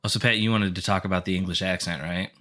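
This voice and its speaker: A man's voice: deep voice, fairly even intonation, quick pace, bright, forceful tone. An American man hosting a casual podcast chat, blunt and opinionated with plenty of swearing.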